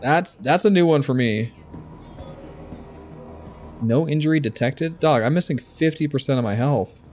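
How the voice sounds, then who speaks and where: A man's voice: mid-range voice, a little slow, darkish tone, soft background music. A man streaming a video game, commenting casually, joking, swearing and talking to his chat. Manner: jokey, swears, talks to chat. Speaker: gaming streamer.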